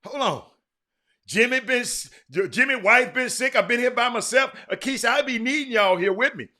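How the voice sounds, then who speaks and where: Bright-voiced man hosting a livestream. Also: extremely high pitch, lively intonation, moderate pace. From Houston, Texas. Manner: chatty, talks to viewers by name, frequent restarts. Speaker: livestream host. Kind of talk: casual livestream chat reading viewer comments.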